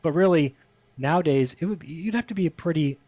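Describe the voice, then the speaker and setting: Fast-talking man telling a story. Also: a little high, no echo. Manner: animated, acts out quoted people with raised voice. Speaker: podcast guest. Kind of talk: casual storytelling interview.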